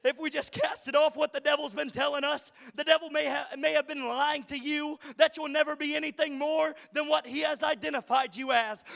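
A man preaching in a church sanctuary, his voice very high and bright with a gravelly edge. He builds phrase by phrase into shouted emphasis, repeating his lines in a steady cadence, and now and then gets choked up. The sound rings with long reverb from the hall. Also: brisk, few pauses. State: choked up with emotion at times. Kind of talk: sermon.

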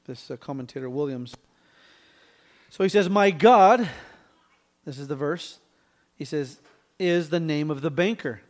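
A man delivers a verse-by-verse sermon in a somewhat high voice. He keeps checking in with his listeners with quick "right?"s and clears his throat from time to time. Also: darkish tone. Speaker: pastor.

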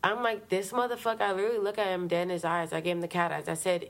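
A woman co-host telling a story in casual chat, animated, profane and slangy, acting out her own past lines. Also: lowish voice, racing, vocal fry, few pauses.

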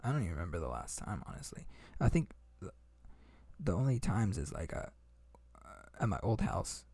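A man's voice: on the low side, very animated, fairly quick, darkish tone, breathy edge. A young man hosting a podcast, telling a story in casual chat with lots of fillers, restarts and swearing. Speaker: podcast host.

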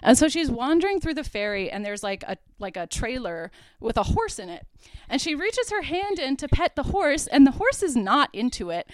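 A young woman hosts a podcast, walking through a film's plot in a loose, chatty way. Her voice is smooth and clear, and she keeps dropping "like" as she goes. The sound is dry and close, with no room echo. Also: high-pitched, sing-song, moderate pace. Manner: chatty, heavy use of "like", laughs while retelling. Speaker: podcast host. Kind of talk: casual movie recap.

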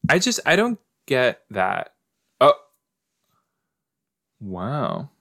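A man's voice: medium pitch, wildly swooping pitch, very slow, gravelly, pushed and bright, no room sound, clean studio sound. A man hosting a podcast, chatting casually and musing aloud as he reacts to a show playing in front of him. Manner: chatty, musing, talks to the screen. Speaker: podcast host. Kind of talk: casual reaction commentary while watching a show.

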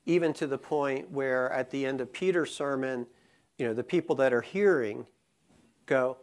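A man preaching a sermon. He talks casually with many fillers, then builds to slow, impassioned emphasis. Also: mid-range voice. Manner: conversational, rising to impassioned emphasis; many fillers and restarts in the calmer parts. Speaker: pastor.

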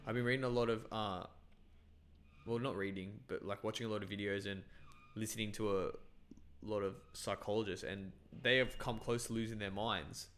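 Young man, low-pitched, casual podcast chat, rambling profane storyteller. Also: fairly even intonation, normal speed, a bit bright, a little hiss or hum. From Bangladesh.

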